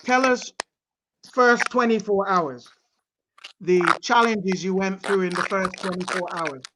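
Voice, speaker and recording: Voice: medium pitch, unhurried, noisy background. An interviewer on a video call who patiently asks and repeats questions.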